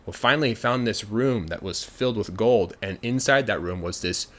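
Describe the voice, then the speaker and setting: A man's voice: on the low side, moderate pace. A man telling a folk tale casually in a chatty, filler-filled way. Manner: chatty, many fillers, grows animated. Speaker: storyteller. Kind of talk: casual storytelling.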